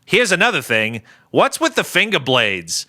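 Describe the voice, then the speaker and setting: A man's voice: fairly high pitch, normal speed. A man co-hosting a podcast, chatting casually and animatedly, mocking scenes by acting them out. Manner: animated, acts out characters mockingly. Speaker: podcast co-host. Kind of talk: casual chat.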